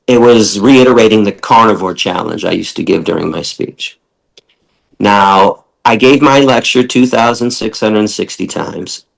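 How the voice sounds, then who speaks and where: A man's voice: lowish voice, unhurried, creaky, poor audio. Blunt, profane ranting man from Michigan. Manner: blunt, profane, ranting with mocking quoted voices. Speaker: guest, animal rights lecturer. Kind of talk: impassioned podcast interview.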